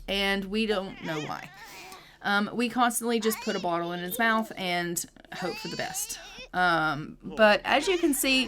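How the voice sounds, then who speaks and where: A woman's voice: medium pitch, fairly bright tone. Chatty woman narrating a game. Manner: chatty, upbeat, frequent "um" fillers. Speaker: gaming channel host. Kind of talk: casual let's-play commentary.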